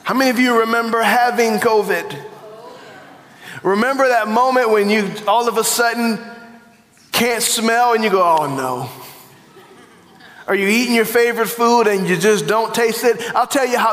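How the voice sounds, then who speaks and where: A man's voice: very high voice, steady tone, moderate pace, fairly bright tone. A man preaching a sermon as pastor, conversational and asking the congregation questions. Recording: echoey reverberant hall.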